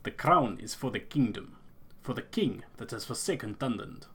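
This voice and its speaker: A man's voice: medium pitch, expressive, normal speed, pushed and bright, slightly rough. A man voicing a solemn old clan elder with a put-on accent, reading a game character's lines aloud. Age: older. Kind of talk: gameplay voice-over of game characters.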